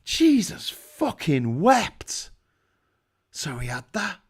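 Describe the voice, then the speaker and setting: A man's voice: sits high, wildly swooping pitch, drawn-out words, breathy edge. A man with a British accent hosting a livestream, ranting angrily about politics with constant swearing and sarcasm. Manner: profane, sarcastic, angry. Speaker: livestream host.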